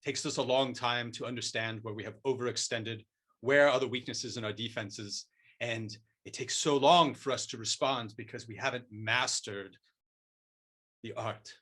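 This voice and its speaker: A man voicing a solemn martial arts master who lectures in a quiet, deliberate way. The voice itself is bright and pointed, and the delivery stays mock-serious and unhurried. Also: mid-range voice, fairly even intonation, lightly acted. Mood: lecturing. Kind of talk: improvised comic role-play.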